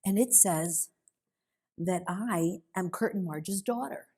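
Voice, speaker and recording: A husky, dark-toned voice on the low side carries this middle-aged woman's slow, earnest testimony. She recounts her personal faith journey emotionally at a women's conference held in a conference hall.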